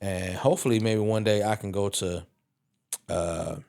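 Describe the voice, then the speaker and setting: A man on a wrestling podcast panel, chatting casually and telling animated stories, swearing freely as he goes. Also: fairly low pitch, moderate pace, gravelly. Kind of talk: casual chat.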